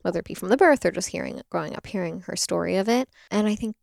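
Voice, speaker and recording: Chatty young woman with a gravelly edge. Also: fairly low pitch, fast talker, no room sound, clean studio sound. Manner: animated storytelling, frequent "like", acts out quoted voices. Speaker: interview guest, doula and product maker. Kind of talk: casual conversational interview.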